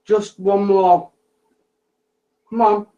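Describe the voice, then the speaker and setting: A man's voice: high-pitched, flat delivery, drawn-out words, warm tone, lo-fi sound. A man on a ghost hunt, calling out to spirits with patient, repetitive requests. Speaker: ghost hunter.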